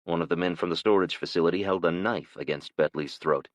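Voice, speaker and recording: A man narrating a thriller audiobook in a measured, steady storytelling manner. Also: low-pitched, no room sound.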